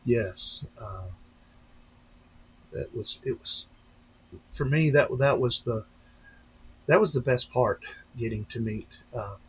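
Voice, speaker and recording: A man hosting a casual live stream, rambling along with many fillers and restarts and slipping into lively voices when he retells a story. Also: medium pitch, takes it slowly, pauses often, a little hiss or hum, low-quality recording. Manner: breaks into animated voices when retelling stories. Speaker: channel host on a live stream.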